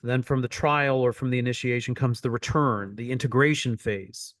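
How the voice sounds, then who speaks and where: A man's voice: mid-range voice, steady tone, moderate pace, a bit bright, dry recording, studio quality. A man coaching an online teaching session, repeating phrases for emphasis as he explains.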